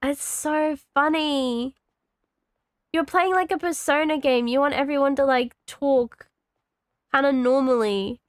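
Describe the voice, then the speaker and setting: A woman's voice: high-pitched, measured pace, dry recording, clean studio sound. A woman in her thirties streaming a game, rambling casually to herself and her chat and swearing freely. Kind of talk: casual gaming commentary.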